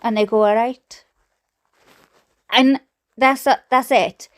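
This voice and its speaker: A woman's voice: on the high side, steady tone, measured pace. A Welsh woman reading a book aloud and breaking off for chatty, giggly asides about her own memories. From Wales. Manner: giggly, often breaks into laughter. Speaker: reader and streamer.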